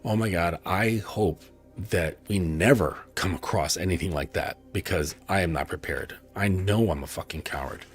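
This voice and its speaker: A man's voice: deep voice, normal speed, breathy edge, soft background music. A man voicing a cowardly male horse in a spoken story. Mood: anxious.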